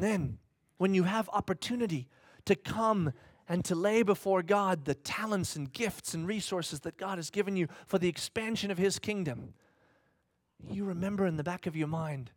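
A pastor whose voice sits high delivers an animated sermon at a moderate pace, acting out dialogues in mock voices and posing questions to the congregation. The recording is dry and studio quality.

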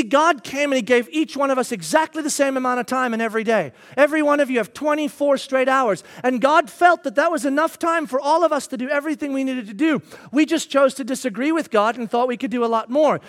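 A man in his thirties, a pastor, preaching a sermon and telling a lively personal story, acting out his own lines. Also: extremely high pitch, fast talker, few pauses.

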